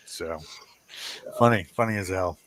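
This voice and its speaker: Guy whose first language is italian, kinda low voice, bright edge, rambly storyteller. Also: takes it slowly, dry recording. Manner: rambling storyteller, laughs often. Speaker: guest. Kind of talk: casual chat.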